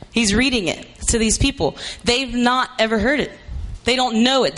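Emphatic woman preacher, repeating and shouting. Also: a little high. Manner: emphatic and repetitive, rising to shouts. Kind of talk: sermon.

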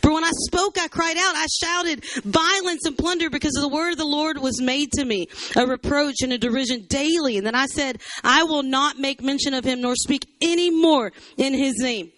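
Man acting out a distraught prophet, high strained voice, pleading, heartbroken, close dry sound. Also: normal speed, few pauses, fairly bright tone, dry recording. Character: anguished male prophet crying out to God.

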